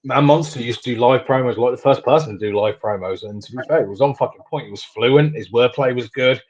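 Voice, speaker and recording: A British man hosting a casual online chat, swearing freely and pausing often with ums. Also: medium pitch, darkish tone, slightly rough. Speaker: host. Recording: slightly dull lo-fi audio.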